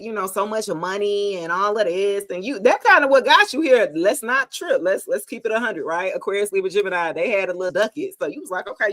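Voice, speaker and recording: A woman's voice: medium pitch, a bit bright. A middle-aged woman from the United States, reading tarot for viewers on a casual livestream, playful and chatty with frequent laughter.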